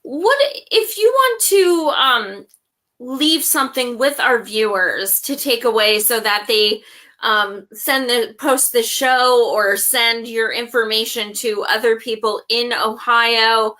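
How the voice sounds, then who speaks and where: A woman's voice: a little high, takes it slowly, bright, forceful tone. A woman hosting an interview, talking in an encouraging way with many fillers. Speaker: interview host.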